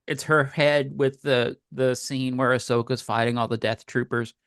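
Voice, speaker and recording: A man's voice: medium pitch, fairly even intonation, moderate pace, fairly bright tone, clear, resonant tone, no echo, studio quality. A middle-aged man co-hosting a podcast, telling a rambling story in casual chat and getting emotional as he goes. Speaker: podcast co-host.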